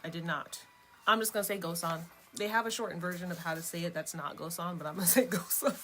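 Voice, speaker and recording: A woman's voice: on the low side, fairly even intonation, fast, fairly bright tone, faint music behind. A woman hosting her own vlog, chatting casually in a rambling, chatty way and laughing between thoughts. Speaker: vlogger host. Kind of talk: casual chat.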